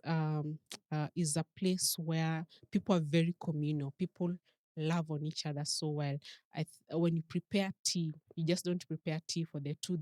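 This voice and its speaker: A Kenyan woman with a low, deep-set voice tells a personal story as a podcast guest. She acts out the voices of the people she quotes. The sound is dry and close. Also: a little mellow, no room sound. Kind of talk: storytelling interview.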